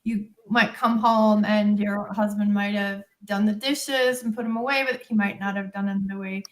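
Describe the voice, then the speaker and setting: A woman's voice: medium pitch, fairly even intonation, moderate pace. A woman hosting a live interview, effusive and enthusiastic, laughing often as she praises her guest. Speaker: host.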